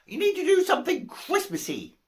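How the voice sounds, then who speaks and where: A woman's voice: very high voice, wildly swooping pitch, a little fast, pitched above the performer's own voice, exaggerated voice. A woman voicing a fussy old male gatekeeper saint in a joke, sounding exasperated.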